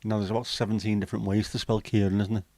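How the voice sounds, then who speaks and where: A man with a lowish voice chats on his livestream, reading viewer comments aloud and swearing freely. The sound is dry and close. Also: flat delivery, rapid-fire, warm tone, no room sound. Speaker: livestream host. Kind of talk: casual livestream chat.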